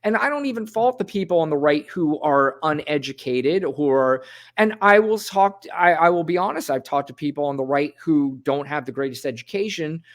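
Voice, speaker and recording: A man's voice: a little high, animated, moderate pace. A man hosting a podcast, talking frankly and casually about politics. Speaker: podcast host.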